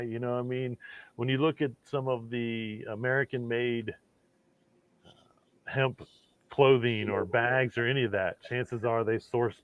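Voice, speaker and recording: A man's voice: mid-range voice, no echo. A man hosting a casual talk show, rambling along with lots of fillers and restarts. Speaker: host of a hemp talk show. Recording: tinny phone-like dry sound.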